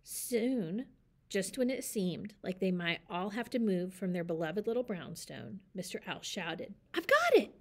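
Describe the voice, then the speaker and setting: A woman reading a children's picture book aloud with a lively, expressive delivery. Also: fairly low pitch, a little slow. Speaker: storyteller. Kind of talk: children's story read-aloud.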